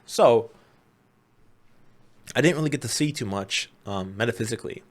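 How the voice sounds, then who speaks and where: A man's voice: medium pitch, expressive, moderate pace. A man hosting his own video, telling a personal story in a casual, earnest, conversational way. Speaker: host.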